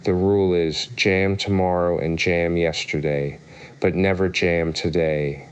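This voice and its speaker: A plaintive, flustered storybook queen, read aloud by a man with a very deep voice, given to groans and sighs. Her complaints come in a smooth, clear tone. She drifts between fretting and airy, muddled talk. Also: steady tone, a little slow. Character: flustered untidy fretful woman queen.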